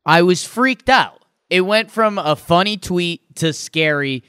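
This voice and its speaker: Man, young, podcast co-host, casual baseball chat, smooth voice, dry close sound. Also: sits high, takes it slowly, sharp tone, no echo.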